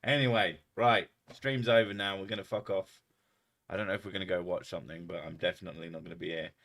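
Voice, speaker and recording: A man's voice: low voice, fairly even intonation, fast talker, vocal fry, fairly bright tone. A man from England with a southern English accent, chatting casually on a livestream, swearing freely and laughing often. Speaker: streamer.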